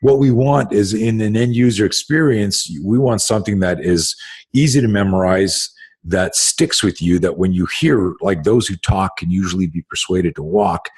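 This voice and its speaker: A man's voice: low-pitched, normal speed, a little mellow, slightly rough. A man hosting a podcast as a self-defense instructor, talking in an emphatic, profane, casual way with many restarts.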